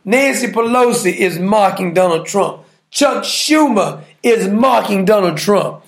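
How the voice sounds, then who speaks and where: A man's voice: high-pitched, animated, a little slow, gravelly, reverberant. A man hosting a talk show, giving brash, mocking political commentary with lots of repetition.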